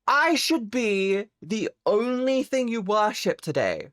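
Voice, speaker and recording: A woman live streamer chatting casually with her viewers, playful and teasing, swearing freely and jumping suddenly into high squeaky exclamations. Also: very animated, measured pace, fairly bright tone, dry recording, clean studio sound.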